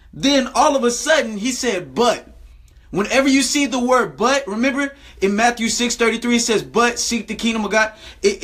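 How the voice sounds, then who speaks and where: A man with a high, bright voice preaches a Bible lesson straight to his viewers. He talks emphatically and keeps repeating his phrases. He slows down to stress each scripture line and keeps checking in with "right?". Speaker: preacher and video host.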